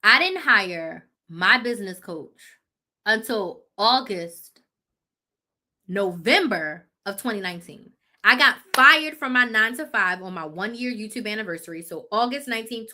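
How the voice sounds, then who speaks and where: A woman in her thirties hosts a live chat as a business coach, her voice bright and forceful. She tells her story bluntly and with animation, stopping to correct herself on dates and details. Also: mid-range voice.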